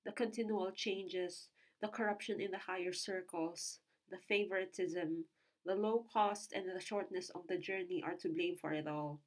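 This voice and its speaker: A blunt old soldier speaks gravely and plainly, as a woman reads him aloud. He is gruff, yet there is compassion in him. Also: on the low side, fairly even intonation, normal speed, lightly acted, rough recording.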